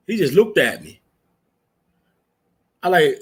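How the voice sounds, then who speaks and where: Guy on a podcast, highish voice, cussing and laughing through his stories. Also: sing-song, unhurried, a bit bright, husky. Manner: storytelling, profane, laughs while telling. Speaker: podcast co-host. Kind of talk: casual chat.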